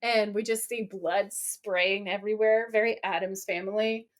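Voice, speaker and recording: A woman's voice: medium pitch, steady tone, moderate pace. A woman in her forties co-hosting a podcast, enthusiastically recapping a TV episode in casual chat and swearing now and then. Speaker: podcast co-host.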